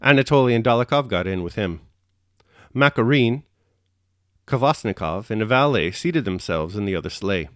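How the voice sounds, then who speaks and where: A man reads a classic novel aloud in a steady, measured way. His voice is low and sits close and dry on the mic. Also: no echo. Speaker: audiobook reader and host.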